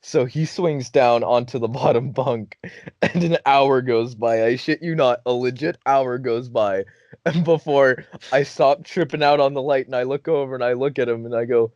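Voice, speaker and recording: Speaking at normal speed with a medium-pitched voice, a young man hosting a podcast casually recounts a funny story, swearing a lot and laughing along the way. The audio is lo-fi with no echo.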